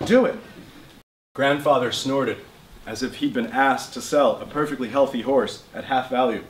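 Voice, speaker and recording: A man, the author, reading his novel aloud in measured narration at a bookshop. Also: mid-range voice, fairly even intonation. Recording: roomy bookshop with faint noise.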